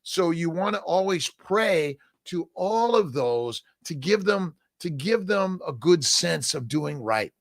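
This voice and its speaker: An older man hosts a casual live-stream Q&A, reading viewer comments aloud and answering in an upbeat, encouraging, folksy way, often adding "right?" His animated, creaky voice sits on the high side, and he speaks slowly with hardly any pauses. The sound is clean studio quality with no echo.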